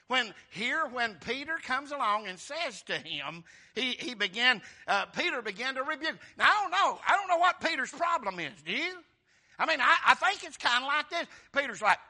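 A male preacher giving a folksy, animated sermon and acting out the scripture characters. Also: very high-pitched, moderate pace.

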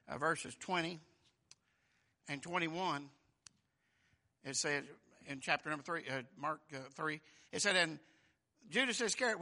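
A high-pitched male preacher with a forceful, piercing, tense voice. He delivers a sermon that swings from quiet asides to shouted, fervent peaks. He repeats phrases for emphasis and calls out to the room.

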